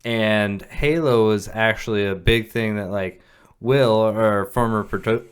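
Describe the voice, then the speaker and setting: On a laid-back podcast, a male co-host talks in a smooth, lowish voice without hurrying. He meanders through his points, restarting sentences and swearing casually along the way.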